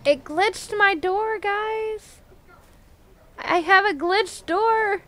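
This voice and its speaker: High, jumpy, scared woman streamer. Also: very slow, pushed and bright. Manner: jumpy, frightened, squealing and laughing nervously. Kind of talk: live game commentary.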